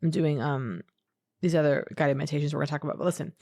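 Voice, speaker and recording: Rambling, animated woman telling a story. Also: low-pitched, fast talker. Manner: animated, rambling, acts out quotes. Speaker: podcast co-host. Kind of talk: casual chat, storytelling.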